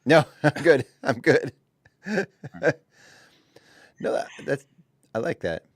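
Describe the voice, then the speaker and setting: A man's voice: fairly high pitch, very animated, slow pace, husky, dry recording, studio quality. A man co-hosting a morning radio show, chatting casually, laughing easily and reading news items aloud with little restarts. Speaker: radio co-host.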